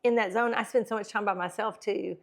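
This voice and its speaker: Speaking briskly in a gravelly, medium-pitched voice, this middle-aged woman is a podcast co-host on a casual faith and wellness talk show. She's animated, laughs frequently and acts out different tones of voice.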